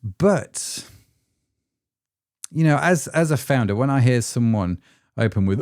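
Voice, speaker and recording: A man's voice: fairly low pitch, animated, unhurried, warm tone, no echo, clean studio sound. A man hosting a solo podcast as an ecommerce founder, chatty and self-deprecating, with frequent rhetorical tag questions.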